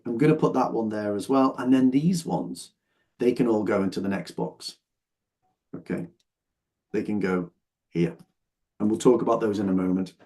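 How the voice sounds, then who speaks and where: A man's voice: mid-range voice, a little mellow. A man teaching an English exam lesson, explaining patiently and often checking that his students follow. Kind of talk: online lesson, explaining while sorting phrases.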